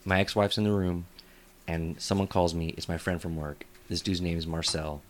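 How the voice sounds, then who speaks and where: A man in his thirties with a lowish voice hosts a casual comedy podcast in a studio. He rambles through animated stories and breaks into laughter often. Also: normal speed, slight background noise. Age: 30s. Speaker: podcast host.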